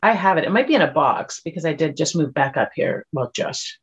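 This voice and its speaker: A woman's voice: deep voice, expressive, brisk, slightly rough, highs cut off. A woman actor from Canada, a guest on a podcast, chatting casually and laughing at herself. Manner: laughs easily, self-deprecating. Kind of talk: casual interview chat.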